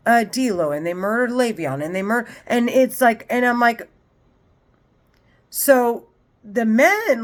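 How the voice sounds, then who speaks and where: A woman in her forties delivering an unscripted monologue, a heated and profane rant that circles back on itself. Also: on the high side. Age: 40s. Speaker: vlogger.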